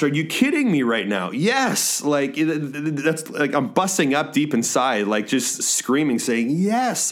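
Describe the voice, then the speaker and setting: A middle-aged male pastor talking earnestly to small-group leaders on a podcast, halting often with restarts and fillers. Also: medium pitch.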